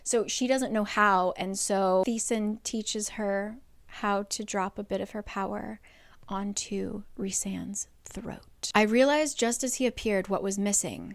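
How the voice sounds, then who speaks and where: A woman's voice: medium pitch, unhurried, clear, resonant tone. A woman giving a casual, chatty recap of a book's plot, peppered with "like" and the odd swear word. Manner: chatty, swearing, heavy use of "like". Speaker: book recap creator.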